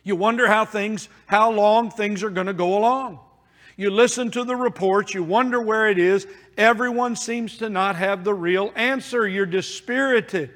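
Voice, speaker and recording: Male preacher, earnest and pleading, high voice, long hall reverb. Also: moderate pace, fairly bright tone. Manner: earnest, pleading, with emphatic repetitions. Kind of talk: sermon.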